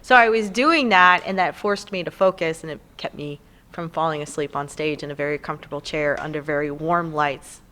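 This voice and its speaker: Chatting on a casual podcast, this Southern US guest, a community theatre actor in her thirties, spins lengthy, meandering stories with lots of animation. She speaks low and a little fast over slight background noise.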